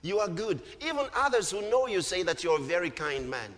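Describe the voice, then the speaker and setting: Fervent high-voiced preacher in a hall. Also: male voice, big pitch swings, a little fast. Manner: fervent, often shouting, drawing out words. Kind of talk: sermon. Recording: hall reverb.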